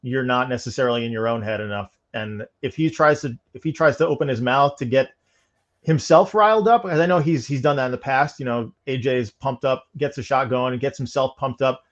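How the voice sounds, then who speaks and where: A man's voice: medium pitch, fairly quick. A man from New York co-hosting a bowling podcast, giving thoughtful, analytical takes and often restarting phrases. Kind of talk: casual commentary. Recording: dull lo-fi audio.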